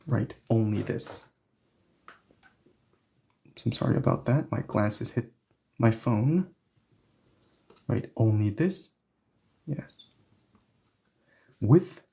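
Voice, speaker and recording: A man's voice: mid-range voice, creaky. A man teaching Korean grammar in a live stream, explaining step by step and checking in often with his viewers. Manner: lively explainer who checks in with listeners.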